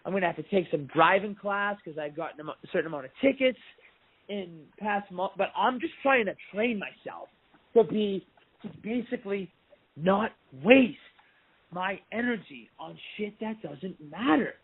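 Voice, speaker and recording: A man's voice: high-pitched, animated, moderate pace, slightly rough. A man in a casual phone chat, talking candidly and reflectively and swearing casually. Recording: tinny phone line.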